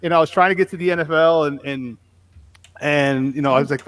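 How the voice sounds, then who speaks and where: A man in his forties with a fairly high voice, co-hosting a sports podcast in a loose, chatty way. He tells lively stories, mimics the people in them and swears without restraint. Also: fairly quick. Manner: animated storyteller, acts out quotes, swears freely. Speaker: podcast co-host, former player and coach. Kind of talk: casual sports chat.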